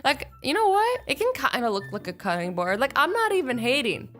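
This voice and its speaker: A young woman hosting a casual reaction video, expressive and playful, slipping into quick voices for the people she reads about. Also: sits high, soft background music. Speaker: YouTube reaction host.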